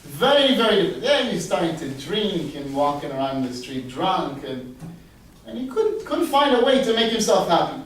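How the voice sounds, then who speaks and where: A rabbi with a high voice tells a parable to his listeners in a relaxed, chatty way. He is recorded from far off, with heavy reverb from a large hall. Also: normal speed. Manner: animated, conversational storytelling with asides. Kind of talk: storytelling sermon. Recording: very echoey, distant mic.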